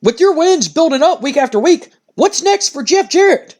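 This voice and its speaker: A man's voice: very high-pitched, expressive, normal speed, a little mellow, voice pushed up. A man voicing an eager male wrestling interviewer asking questions.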